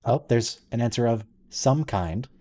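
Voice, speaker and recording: A man's voice: mid-range voice, measured pace, mellow. A man hosting a watch-along, chatting casually and thinking aloud as he comments on the episode. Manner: musing, conversational, thinks aloud with restarts.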